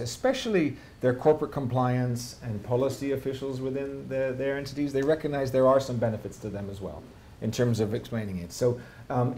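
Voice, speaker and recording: Wry Canadian man at a conference. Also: medium pitch. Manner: lively, wry, rhetorical questions. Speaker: panel speaker. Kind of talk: public talk, answering questions. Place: conference hall.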